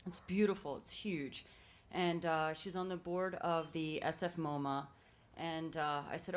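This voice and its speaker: A woman's voice: low voice, fairly even intonation. A young woman with a Philadelphia accent telling a personal story live on stage, chatty and filler-heavy. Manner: chatty, fast when nervous, lots of fillers.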